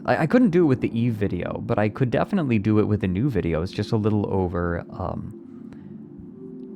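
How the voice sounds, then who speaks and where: A man's voice: on the low side, vocal fry. A man streaming live, chatting casually and playfully with his viewers and answering their comments as he rambles along. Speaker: livestreamer.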